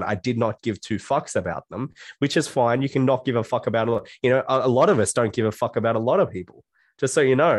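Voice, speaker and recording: A man's voice: mid-range voice, dry recording. A man speaking as a guest life coach in a casual podcast conversation, blunt and swearing freely, acting out his own self-talk in quotes.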